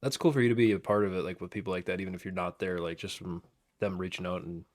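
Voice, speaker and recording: A man's voice: deep voice, steady tone, fast talker. A man hosting a podcast, an easygoing listener who encourages his guest and asks casual questions. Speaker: podcast host.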